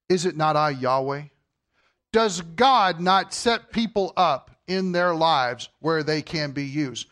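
A man's voice: fairly high pitch, a bit bright. A man preaching a sermon as pastor, emphatic and full of rhetorical questions.

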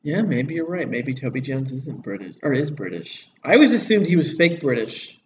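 A man co-hosting a casual movie podcast, excitable and rambling, laughing often. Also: medium pitch, moderate pace. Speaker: podcast co-host. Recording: echoey distant lo-fi room mic with faint hiss.

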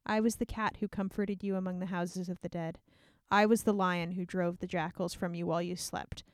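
Chatty giggly woman, smooth dry voice. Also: lowish voice, steady tone, fairly quick, no echo. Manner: giggly, chatty, reads passages aloud. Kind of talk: casual book discussion with reading aloud.

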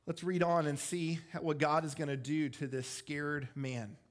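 A man's voice: a little high, steady tone, unhurried. A male pastor preaching a sermon in a conversational, explanatory way, with self-deprecating asides.

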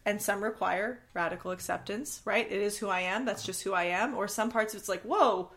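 A woman therapist in casual podcast conversation, expressive and blunt, acting out quotes and swearing casually. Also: mid-range voice, fairly quick.

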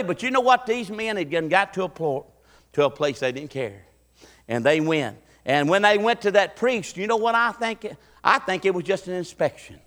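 A man preaching a folksy sermon as pastor, building into excited preaching and acting out voices. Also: sits high, normal speed, long reverb tail. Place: church sanctuary.

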